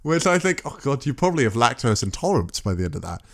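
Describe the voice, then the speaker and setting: A man's voice: medium pitch, very animated, fast. A man co-hosting a casual podcast chat, rambling and correcting himself as he goes. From England. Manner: rambling, self-correcting, laughs often. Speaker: podcast co-host.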